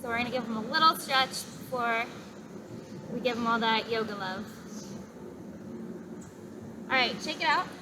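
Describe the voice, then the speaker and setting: A woman instructor gently guiding a parent and child yoga class, cueing breaths and poses with encouragement. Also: fairly high pitch, normal speed, long pauses, noisy background. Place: outdoors in a park.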